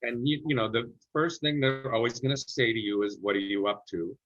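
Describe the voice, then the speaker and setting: Speaking fairly quickly in a medium-pitched, fairly bright tone, a middle-aged man relates an acting story in an interview. He chats anecdotally and shifts into character voices for quotes, and the sound is muffled and lo-fi.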